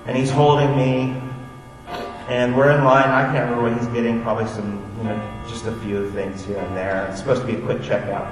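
With music playing in the background, an Orlando, Florida man gives a personal testimony to an audience, telling chatty, self-deprecating, digressive stories. His voice is medium-pitched and brisk, with little pitch movement, picked up by a distant mic in an echoey hall.

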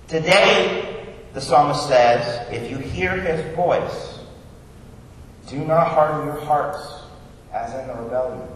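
Heard from far off in an echoey hall, a young man delivers a church sermon as pastor. His voice leans high and a bit bright, the pace is slow, and there's a faint hiss or hum. He teaches conversationally, raising questions and answering them himself.

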